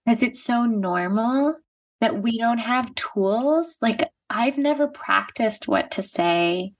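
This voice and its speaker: A woman in her thirties from the United States speaks slowly in a fairly high voice as a podcast guest, chatting casually and reflectively with a heavy use of "like." Her voice sounds a bit distant from the microphone.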